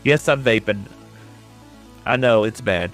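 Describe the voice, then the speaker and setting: A man's voice: on the low side, a little slow, fairly bright tone, faint music behind. A man from West Texas with a Texan accent, casually chatting and telling stories to viewers while playing a game. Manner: rambling storyteller, chatting with viewers. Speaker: streamer. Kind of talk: casual chat while gaming.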